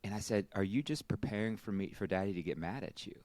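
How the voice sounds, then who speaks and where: A man with a deep, low-pitched voice talks in a relaxed, reflective way, often stumbling over and repeating his opening words. The sound is dry and close, with no room echo. He comes across as a podcast guest in casual conversation. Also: fast. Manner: reflective, repeats words when starting sentences.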